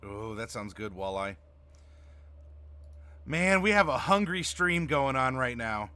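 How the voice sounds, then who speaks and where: A man's voice: mid-range voice, big pitch swings, slow pace, sharp tone, clear, resonant tone. A man hosting a livestream as game master, chatting casually and reading viewer messages aloud. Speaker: game master and stream host.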